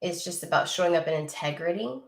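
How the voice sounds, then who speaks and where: A woman's voice: on the low side, lively intonation, fast, gravelly. A woman giving a casual tarot reading, talking bluntly and with lots of swearing, straight to her viewers. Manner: blunt and profane, talks to viewer directly. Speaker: tarot reader. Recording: echoey room.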